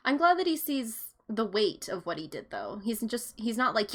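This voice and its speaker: A young woman in her twenties giving excitable, giggly reaction commentary on a show, laughing and getting emotional as she watches. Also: medium pitch, normal speed. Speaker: reaction vlogger.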